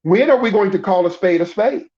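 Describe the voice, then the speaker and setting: A man's voice: high voice, animated, fairly quick, darkish tone, dull audio. A middle-aged man preaching a conversational sermon, emphatic, often repeating himself and restarting words.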